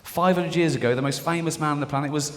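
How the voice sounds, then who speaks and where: Sardonic English stand-up comedian. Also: male voice, a little high, quick pace, a bit bright. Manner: sardonic storytelling, bursts of mock outrage. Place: theater stage before a live audience. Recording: live theater with long reverb and audience noise.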